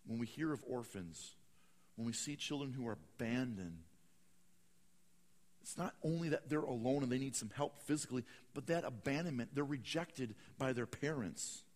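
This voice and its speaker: A man preaching a sermon, swinging from hushed, slow lines to loud, dramatic bursts. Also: mid-range voice, animated, in a large hall. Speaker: pastor.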